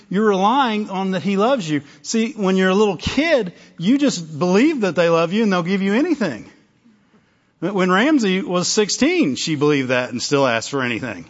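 A man preaching a sermon in a conversational way, often breaking off and acting out little dialogues. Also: high-pitched. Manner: conversational, self-interrupting, acts out little dialogues. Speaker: pastor. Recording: dull lo-fi recording.

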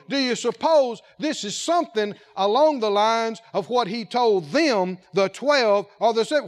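A man's voice: very high voice, expressive, unhurried, few pauses. A man preaching a sermon as head of a ministry, emphatic and repetitive, asking the congregation questions and acting out quotes.

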